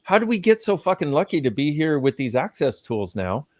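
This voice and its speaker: A man's voice: a little high, very animated, fairly quick, no echo. Emphatic male guest speaker, casual cusser, close and dry sound. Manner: emphatic, swears casually, lists ideas. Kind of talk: live conversational teaching.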